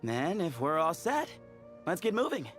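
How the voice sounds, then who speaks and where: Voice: mid-range voice, huge pitch swings, normal speed, soft background music. A voice actor playing a confident adventurer in a game, speaking in an upbeat, teasing way.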